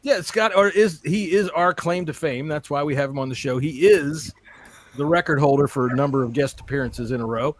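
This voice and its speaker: A man's voice: fairly high pitch, fairly quick. A man co-hosting a casual sports podcast, joking and swearing and laughing often. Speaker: podcast co-host.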